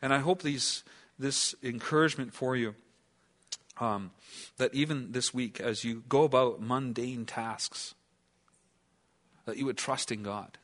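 A man preaching a sermon in an earnest tone, asking his listeners questions and at times dropping to a hushed, near-whispered delivery. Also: medium pitch, measured pace, pauses often. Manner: earnest, asks the listeners questions, then drops to a hush. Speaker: pastor.

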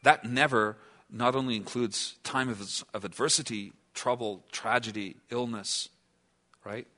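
A man's voice: medium pitch, steady tone, measured pace. Earnest male preacher asking questions. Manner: earnest, asks the listeners questions, then drops to a hush. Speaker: pastor. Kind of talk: sermon.

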